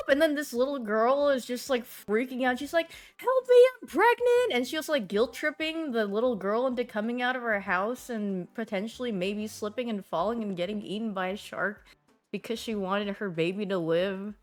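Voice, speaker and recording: Young woman, fairly high voice, giggly rambling stream chat, faint music behind. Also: moderate pace. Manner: giggly, rambling, excitable with sudden squeals. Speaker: livestreamer.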